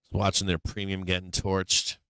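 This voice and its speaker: A man's voice: low voice, completely flat delivery, normal speed, vocal fry, pushed and bright, clean tone, no room sound, studio quality. Profane, taunting man streaming live. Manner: sing-song carnival barker bits. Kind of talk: casual live stream commentary.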